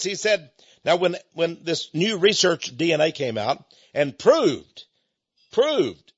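An older man hosts a radio ministry show in a chatty, folksy monologue, stumbling over restarts and chuckling to himself. His voice sits slightly high and swings widely in pitch, with a husky edge. The audio is dull and lo-fi. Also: fairly bright tone.

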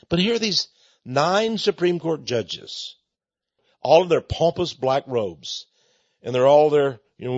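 Heard through a dull, lo-fi recording without room sound, a man from a ministry delivers a mocking sermon full of sarcasm and scornful laughter. His mid-range voice is very animated, at normal speed, with a breathy edge.

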